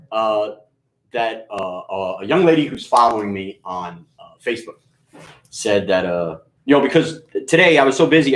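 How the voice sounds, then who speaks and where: New york dj guy rambling and cussing, lots of ums, mixed new york accent, echoey room. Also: lowish voice. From New York, USA. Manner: rambling, profane and joking, with many fillers. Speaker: radio DJ. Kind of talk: casual live-stream chat.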